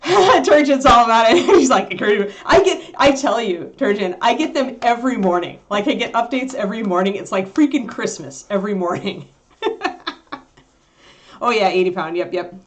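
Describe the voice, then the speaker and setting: A woman's voice: on the high side, animated, moderate pace. A woman hosting a casual livestream, chatting with viewers, laughing often and cooing at her puppy. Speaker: livestream host.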